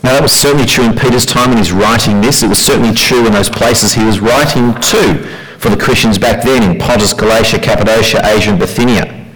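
A man's voice: lowish voice, brisk, a bit bright, poor audio. A man preaching a sermon in a conversational way, often asking his congregation questions.

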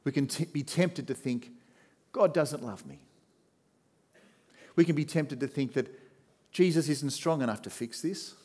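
A man preaching a sermon, swinging from loud emphatic rises to hushed, low passages as he reads scripture. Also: moderate pace.

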